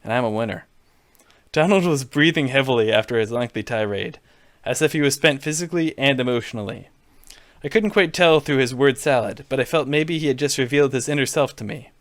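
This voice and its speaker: A man's voice: mid-range voice, fairly quick, dry recording. A young man playing a dating game and reading its text aloud with wry, dramatic delivery. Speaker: let's play host.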